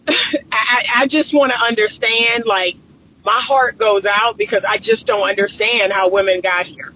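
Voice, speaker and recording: A woman's voice: fairly high pitch, fairly bright tone, a little hiss or hum, rough recording. A woman relationship coach giving reaction commentary, emphatic and lecturing, repeating her points.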